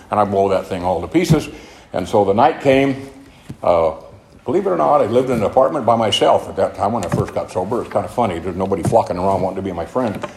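A man's voice: on the low side, a little mellow. An older man telling his own story at a recovery meeting, earnest and rambling. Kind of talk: personal testimony talk. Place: meeting room of a club. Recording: echoey room, faint noise.

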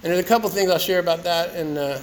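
Fast and high-pitched, a man recounts his recovery at a meeting, mixing earnestness with jokes in a casual way. The audio is poor, with a little hiss or hum.

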